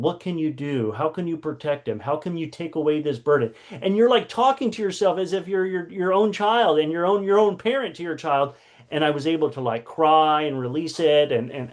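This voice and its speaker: Man with a fairly high voice, teaching. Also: darkish tone. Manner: conversational, with many fillers and acted-out quotes. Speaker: workshop teacher and coach. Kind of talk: personal storytelling in a lesson.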